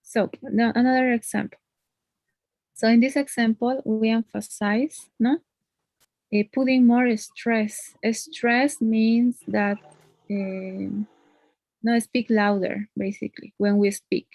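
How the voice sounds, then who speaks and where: Her voice sits a little high, steady and a little mellow, and she takes it slowly; there's no echo. She's an English teacher giving a patient one-on-one online lesson, frequently ending points with "no?" as a question.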